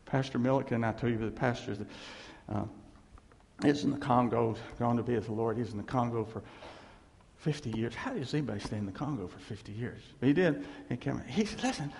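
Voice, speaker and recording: A man's voice: mid-range voice, brisk, vocal fry. A man preaching a sermon as pastor, telling stories with laughs and acted quotes. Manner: animated storytelling with laughs and voiced quotes. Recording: long hall reverb.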